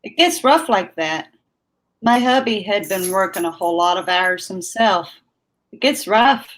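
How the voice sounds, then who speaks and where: Lady hosting a live chat, talks real slow, laughs a lot, easygoing. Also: medium pitch, animated, a bit bright. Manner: laughs often, drawls words out. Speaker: livestream host chatting with viewers.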